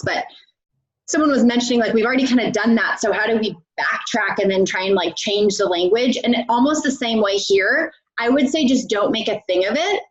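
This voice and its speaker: A woman dietitian coaching parents on a live call, chatty, with many "like"s and restarts. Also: mid-range voice. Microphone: video call. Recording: roomy, muffled call audio.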